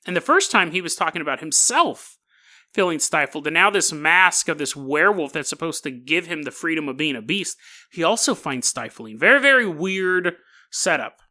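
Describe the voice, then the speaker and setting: A man's voice: a little high, big pitch swings, moderate pace, sharp tone. A man hosting a podcast, telling a strange story in a casual, wry way and laughing at his own asides. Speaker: podcast host.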